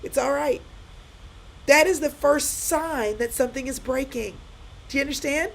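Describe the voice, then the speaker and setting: A woman's voice: high-pitched, moderate pace, a little hiss or hum, poor audio. A middle-aged woman giving a live-stream pep talk to viewers, repeating her points with emphasis and speaking straight to them.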